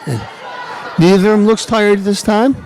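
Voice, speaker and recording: A man's voice: sits high, moderate pace, some chatter behind. A man hosting his show, hyping the event and interviewing people in a playful, hammy showman manner. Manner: animated, playful hype-man delivery. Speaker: show host.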